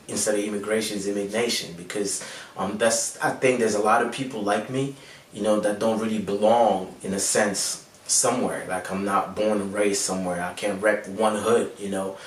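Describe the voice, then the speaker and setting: A young man with an American-sounding accent, a rapper and producer answering interview questions in a laid-back way, with many fillers and restarts. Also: fairly low pitch. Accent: American-sounding English. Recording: roomy echo, mic at a distance, faint background hum.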